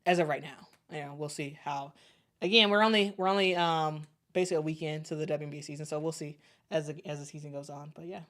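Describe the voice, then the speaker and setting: A young woman with a Chicago accent hosting a casual sports livestream, talking in a halting way with lots of fillers and restarts. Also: low voice, steady tone, fairly bright tone. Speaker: sports show host. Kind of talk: casual livestream chat reading super chats.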